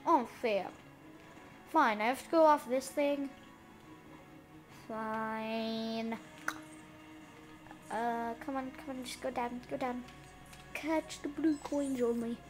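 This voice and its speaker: Giggly high-voiced woman playing a game. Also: unhurried, over music. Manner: giggly, excitable, talks to the game characters. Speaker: let's play gamer. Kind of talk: casual gameplay commentary.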